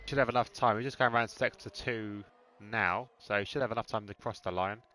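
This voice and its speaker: A man's voice: fairly low pitch, steady tone, fairly quick, pushed and bright. A man commentating a sim-racing event live, chatty and often laughing as he trades banter with his co-host. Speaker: race commentator.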